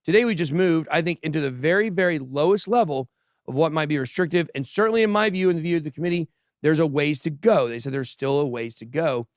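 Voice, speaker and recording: The host of a crypto news livestream, a fast-talking man with a fairly high-pitched voice, chats casually and trades boastful banter with his crew and the chat. The recording is dry, with clean studio sound.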